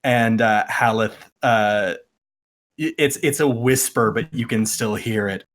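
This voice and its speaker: A man's voice: mid-range voice, unhurried, fairly bright tone. A man narrating as game master of a tabletop game, hesitant with frequent fillers. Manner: hesitant, lots of uh and um, chuckling.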